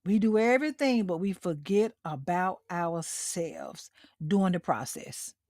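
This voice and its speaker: A woman's voice: lowish voice, animated, a little slow, darkish tone, dry recording, clean studio sound. A middle-aged woman hosting a motivational livestream talk, speaking directly to her listeners and repeating her key lines for emphasis. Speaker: host.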